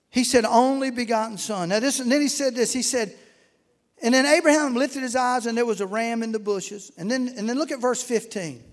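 A man's voice: extremely high pitch, gravelly. A man preaching a fervent, folksy sermon and reading scripture aloud in a church. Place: church sanctuary. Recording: echoey hall with long reverb.

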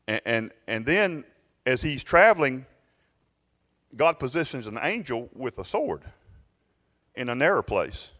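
A man's voice: medium pitch, fairly bright tone. A man preaching a sermon as pastor, retelling a story and acting out its voices. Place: church sanctuary. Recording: long reverb in a church hall.

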